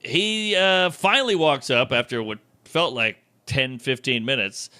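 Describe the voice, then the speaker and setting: A man's voice: medium pitch, a little slow, clear, resonant tone. A male comedian telling a story on a podcast, acting out the people in it. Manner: animated storyteller acting out quoted voices.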